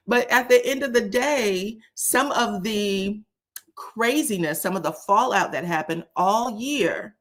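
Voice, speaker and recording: A woman hosting a casual commentary show. She talks in a sassy, animated way, often says "child", chuckles, and uses "um". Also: a little high, unhurried. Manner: frequent chuckles and filler "um". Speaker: host of a reality TV commentary channel.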